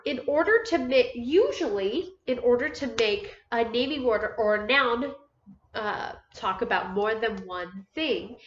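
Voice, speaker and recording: Slow, bright-voiced woman teaching phonics. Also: fairly high pitch, dull audio. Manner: slow, clear, encouraging, sounding out letters. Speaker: first grade teacher. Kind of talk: phonics lesson for young children.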